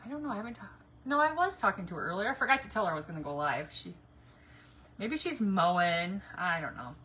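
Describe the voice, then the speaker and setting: A woman's voice: medium pitch, animated, quick pace, a bit bright. A middle-aged woman chatting casually and rambling as she paints a craft project on a home livestream, laughing often. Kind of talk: casual live-stream chat while painting. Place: home yard or garage. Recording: noisy home livestream audio.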